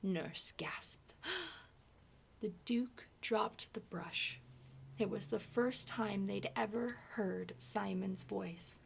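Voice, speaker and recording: A woman reading a novel aloud in a hushed, soft-spoken ASMR style, partly whispered. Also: mid-range voice, slow pace, vocal fry, slight background noise. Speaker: ASMR reader.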